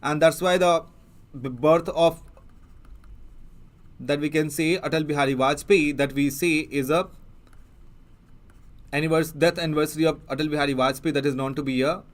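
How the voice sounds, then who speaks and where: A man with an Indian English accent teaching an exam prep lesson, explaining as he goes and pausing often with fillers and restarts. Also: a little high, fairly even intonation. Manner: halting, many fillers and restarts. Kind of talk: newspaper analysis lecture.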